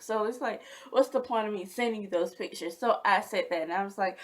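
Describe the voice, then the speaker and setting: A woman vlogger telling a casual storytime in a dramatic, chatty way. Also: mid-range voice.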